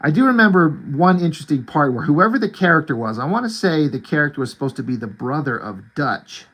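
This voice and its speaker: A man's voice: a little high, expressive, a little fast, fairly bright tone. A man in his forties hosting his own art channel, chatting casually and with enthusiasm about movies and comics, rambling and saying "like" a lot. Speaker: artist and channel host.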